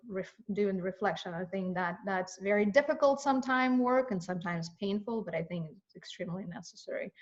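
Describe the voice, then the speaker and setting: A middle-aged woman from Russia hosts a casual video-call interview, her speech halting and full of restarts as feeling rises in it. The stream audio is muffled and lo-fi. Her voice sits at a middling pitch. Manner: halting, many restarts, emotional. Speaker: host.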